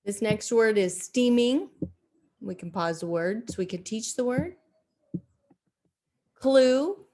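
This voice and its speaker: Woman teacher narrating a recorded lesson to young kids over slides. She speaks slowly and deliberately, with many "uh" fillers and restarts. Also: medium pitch, darkish tone. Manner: slow, deliberate, with frequent fillers and self-corrections. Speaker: second grade teacher.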